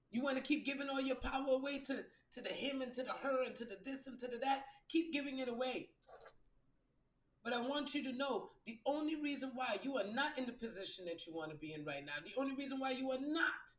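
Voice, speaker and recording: A woman with a fairly high voice delivers a motivational monologue, blunt and full of swearing. She drives her points home by repeating phrases, like a preacher. The sound is roomy and echoey. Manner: blunt, profane, preachy and emphatic. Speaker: spiritual reader hosting a live stream. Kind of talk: motivational live-stream monologue. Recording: roomy echo.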